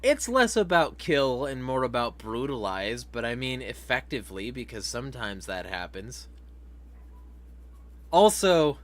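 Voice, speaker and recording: A man hosting a casual livestream vlog at a mid-range pitch. He swears a lot, laughs between remarks and reacts out loud to viewer comments. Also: animated, measured pace. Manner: profane, laughing, reads chat comments aloud. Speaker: vlog host.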